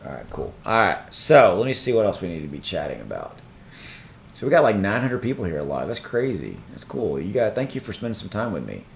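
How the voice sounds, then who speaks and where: A man hosting a casual crypto livestream, rambling and thinking aloud while he looks things up, his voice starting to go hoarse. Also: fairly low pitch, wildly swooping pitch, fairly quick, a little hiss or hum. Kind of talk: casual live-stream chat.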